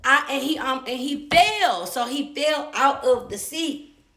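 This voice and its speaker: A young woman telling a personal story live, animated and profane. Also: high-pitched, unhurried, roomy sound. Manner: animated, profane, acts out quotes. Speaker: storyteller host.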